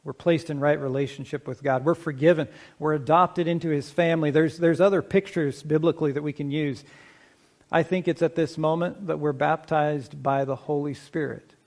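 A middle-aged man preaching a sermon as pastor, speaking in a measured, conversational way, slowing down to stress key points and asking the congregation questions. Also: a little high, fairly even intonation, a little mellow.

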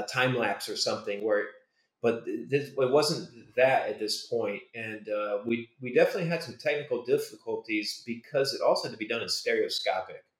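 A man guest on a podcast telling stories about his design work, enthusiastic, with trailing restarts. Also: on the low side. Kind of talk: casual podcast interview. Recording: roomy echo.

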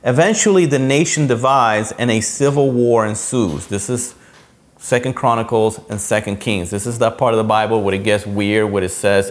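A man's voice: fairly low pitch, normal speed. Man preaching a conversational sermon. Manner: conversational teaching, frequent "you know" and "okay".

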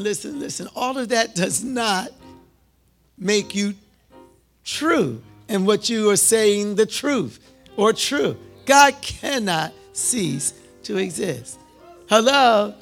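A preacher with a high-pitched voice delivers a sermon over soft background music. He calls out questions to the crowd in call-and-response style, repeats lines for emphasis, and swings from near-shouts to hushed speech.

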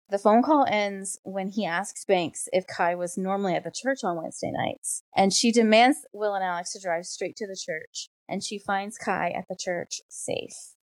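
A woman co-hosting a casual book discussion, retelling scenes with animated enthusiasm. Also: mid-range voice, moderate pace, hardly any pauses, dry recording, poor audio. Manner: animated, gushing storyteller. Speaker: podcast co-host.

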